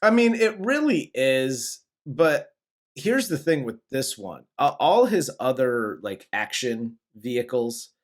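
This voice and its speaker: A man's voice: mid-range voice, sing-song, slow pace. A man in his forties co-hosting a film review podcast, casual, joking and swearing freely. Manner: profane, joking, laughs often. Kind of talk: casual chat.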